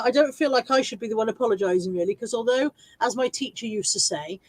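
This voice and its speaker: A woman's voice: on the high side, fast talker, few pauses, a little mellow, no echo, rough recording. A woman chatting casually on her regular live stream, laughing often and joking at her own expense.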